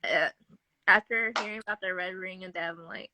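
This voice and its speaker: A woman's voice: lowish voice, fairly even intonation, brisk, bright, forceful tone, a little hiss or hum. A woman talking as a guest about games she is building, in a casual podcast chat over a live video call, laughing often between remarks. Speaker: guest game developer. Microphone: phone or webcam mic on a live stream.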